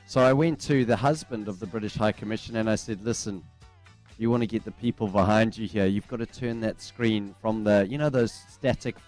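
A man's voice: fairly low pitch, fairly quick, a little mellow, soft background music. A man co-hosting a sports radio show, telling stories with enthusiasm. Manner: enthusiastic, storytelling. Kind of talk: casual sports radio chat. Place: radio studio.

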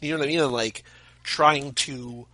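A man's voice: mid-range voice, fairly even intonation, moderate pace, pushed and bright, no echo, poor audio. A man co-hosting a podcast, chatting casually about movies with jokey, rambling asides. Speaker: podcast co-host. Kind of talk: casual movie commentary chat.

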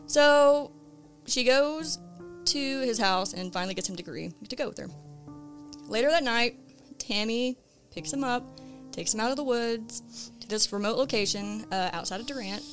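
A woman's voice: on the high side, normal speed, pauses often, faint music behind. A woman hosting a podcast, recounting a case in casual, conversational storytelling with plenty of ums and uhs. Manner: relaxed, conversational, with frequent "um" and "uh". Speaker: true crime podcast host.

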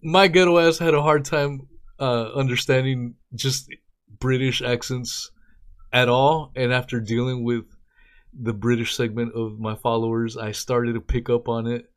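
A man hosting a podcast in casual conversation, laid-back, with quick joking asides. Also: medium pitch, flat delivery, clean tone. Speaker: podcast host.

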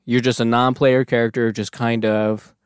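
A man in casual podcast chat, thinking out loud and asking his co-host questions. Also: medium pitch, little pitch movement, moderate pace, smooth, no echo, studio quality.

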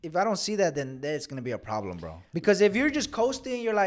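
A man's voice: high voice, wildly swooping pitch, fast talker. A man co-hosting a casual soccer podcast, blunt and slangy, calling people bro. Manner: blunt, says "bro" a lot. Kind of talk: casual sports chat.

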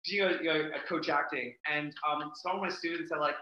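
A man's voice: a little high, steady tone, fast, sharp tone, reverberant, muffled recording. A man in his thirties from Australia, with an Australian accent that drifts toward American, chatting animatedly as a podcast guest and telling stories. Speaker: podcast guest, acting coach. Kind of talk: casual podcast chat.

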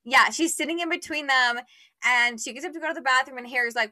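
A chatty young woman co-hosts a casual podcast, peppering her retelling with "like" and slipping into quick voices for each character. Her voice sits high and sounds bright and crisp. It is recorded dry and close, with no room sound. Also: no echo. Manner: chatty, says "like" a lot, acts out characters' lines. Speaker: podcast co-host. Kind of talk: casual podcast chat, retelling a fan fiction story.

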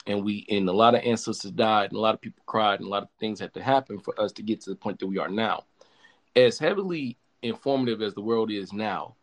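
A young man hosting a podcast in casual chat, talking in an animated, profane, emphatic way with many restarts. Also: fairly low pitch. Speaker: podcast host.

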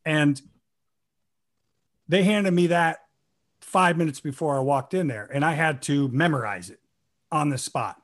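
A man guest actor telling lively stories and acting out quoted lines, with an improv comedy background. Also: fairly high pitch, moderate pace. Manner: animated, acts out quoted lines with laughs. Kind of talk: casual storytelling.

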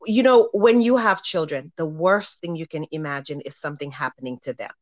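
Woman host, low voice, asks long questions, dry close sound. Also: brisk, no echo. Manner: warm, thanking and asking long questions. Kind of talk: casual panel discussion.

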